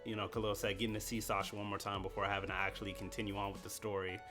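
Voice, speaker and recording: A man in a casual group chat, laid-back and quick to laugh. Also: lowish voice, little pitch movement, over music.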